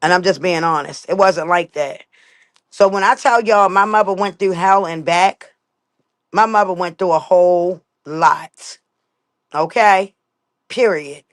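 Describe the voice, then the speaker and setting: A woman's voice: fairly low pitch, a little slow. A young woman with a Baltimore accent, talking bluntly and emphatically to viewers on a casual live stream.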